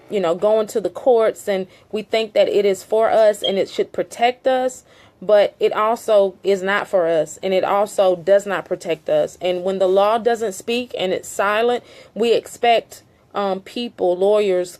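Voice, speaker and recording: A middle-aged woman speaks directly to her audience in an urgent, heartfelt appeal. Her voice sits at an ordinary medium pitch. She presses her points through repetition and scattered fillers, earnest and emphatic throughout. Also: darkish tone. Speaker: family member speaking out on a land dispute. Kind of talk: impassioned direct-to-camera appeal.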